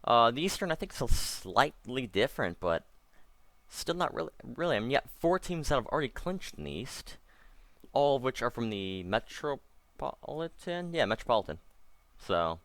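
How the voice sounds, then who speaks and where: A man's voice: mid-range voice, very animated, moderate pace, fairly bright tone, dry recording. A man doing casual let's-play commentary, rambling and correcting himself, with wry asides. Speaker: gameplay commentator.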